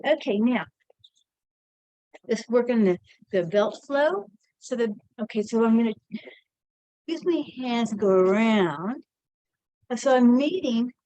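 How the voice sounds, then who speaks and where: A woman's voice: a little high, lively intonation, takes it slowly, pauses often, mellow, no room sound, poor audio. Chatty woman demonstrating an energy routine. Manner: chatty, encouraging, narrates her own movements. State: slightly out of breath. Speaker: energy medium and teacher. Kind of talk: casual instructional demonstration.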